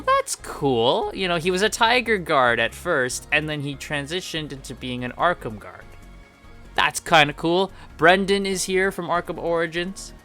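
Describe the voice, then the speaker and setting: A man's voice: on the high side, pushed and bright. A man giving casual, enthusiastic video game commentary, rambling with lots of fillers. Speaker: gaming video creator.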